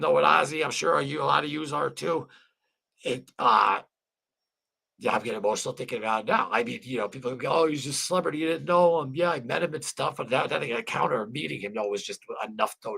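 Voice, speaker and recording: A man's voice: mid-range voice, gravelly, bright, forceful tone, slightly rough. A man hosting a casual livestream chat, rambling and emotional, swearing freely and greeting viewers by name. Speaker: livestream host.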